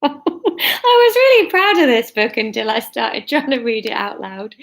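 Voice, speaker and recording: A woman in her thirties live-streaming a reading of her own novel from her living room, self-mocking and quick to laugh at herself. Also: a little high, animated, vocal fry.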